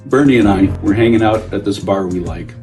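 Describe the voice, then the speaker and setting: A man's voice: on the low side, brisk, warm tone, lightly acted. A man playing a chatty dimension-hopping storyteller. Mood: amused. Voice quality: easygoing, chatty storyteller, playful. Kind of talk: comic anecdote. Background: faint guitar music.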